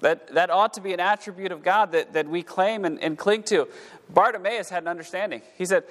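In an echoey church sanctuary, a pastor with a slightly high voice preaches briskly. He reads scripture in old-fashioned wording and then explains it, often repeating words as he rises to fervent emphasis.

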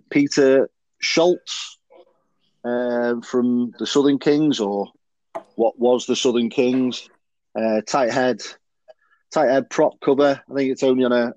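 A man hosts a casual rugby chat, rambling along with plenty of ums and restarts. His voice sits at a middle pitch. The recording is dry and a bit dull and lo-fi. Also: a little mellow, no room sound. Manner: chatty, rambling, full of fillers and restarts. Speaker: podcast host.

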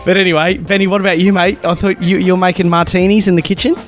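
A man's voice: high voice, flat delivery, fast, faint music behind. A man, a podcast co-host joking and swearing in casual chat with his mates. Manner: jokey, laughs often, swears.

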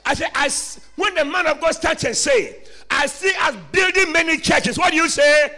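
A man preaching a sermon in a church, shouting lines and calling for responses from the congregation. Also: very high-pitched, normal speed, a faint crowd, slight background noise.

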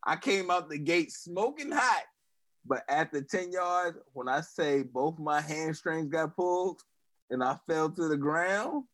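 A man's voice: on the high side, expressive, a little slow, fairly bright tone, dry recording. A man hosting a casual chat, asking questions and telling stories with plenty of swearing and laughter. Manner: leads the questions, swears freely, laughs at his own stories.

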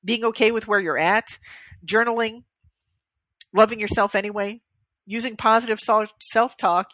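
A woman's voice: fairly high pitch, steady tone, normal speed, a bit bright, dry recording. A woman co-hosting a podcast in casual chat, easygoing and self-deprecating, laughing now and then. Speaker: podcast co-host.

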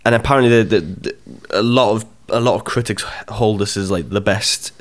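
A man with a lowish voice chats casually as co-host. He stumbles over his words, repeats himself and pokes fun at himself, speaking over a call mic. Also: brisk. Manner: stammering, self-mocking, sweary. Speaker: podcast co-host. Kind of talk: casual chat.

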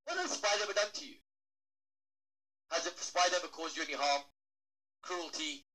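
Bright, lively male stage speaker. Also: on the high side, brisk, rough recording. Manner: playful, questions the crowd, acts out little voices. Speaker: motivational speaker. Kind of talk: animated stage talk to a live audience.

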